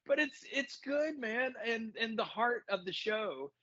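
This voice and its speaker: An American man in easy podcast chat, his voice lively and swooping in pitch, with a bright edge. He rambles through asides and laughs a lot. The sound is dry and a little dull and lo-fi. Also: no echo. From United States. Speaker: podcast co-host. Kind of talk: casual chat.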